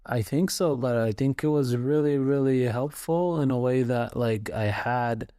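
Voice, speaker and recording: A young man joins his wife's podcast as a guest and talks about his own experience. He speaks haltingly, restarting his sentences often, at a middle pitch. The sound is dry and close, with no room echo. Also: warm tone, clear, resonant tone. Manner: hesitant, halting, many restarts. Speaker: guest, host's husband. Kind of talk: casual chat.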